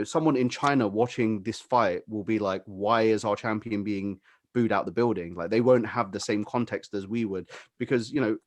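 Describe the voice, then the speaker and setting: A British man holds forth on a sports podcast, rambling and opinionated with plenty of "like" and "you know". His voice sits on the low side. The sound is dry and close, with no room around it. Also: no room sound. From Britain. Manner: rambling, opinionated, many fillers. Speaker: podcast co-host. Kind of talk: casual chat.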